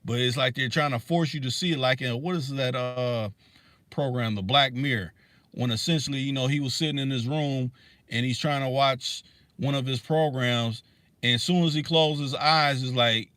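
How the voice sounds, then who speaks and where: On his livestream, a man goes on a heated, profane rant packed with fillers and restarts. He speaks at a moderate pace in a medium-pitched, fairly bright voice with fairly even intonation, recorded without echo.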